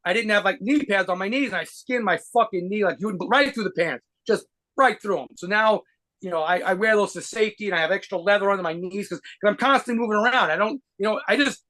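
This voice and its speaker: A man telling rapid, profanity-laced stories as a guitarist being interviewed. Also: high-pitched, sharp tone. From United States. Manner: rapid profane anecdotes with laughs. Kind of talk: fast storytelling interview.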